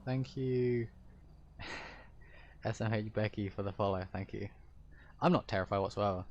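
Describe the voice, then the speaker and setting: A man with a deep-ish voice, streaming a roleplay game and chatting to viewers in a rambling, hesitant way as he explains things. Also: flat delivery, normal speed, highs cut off. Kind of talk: casual chat to stream viewers.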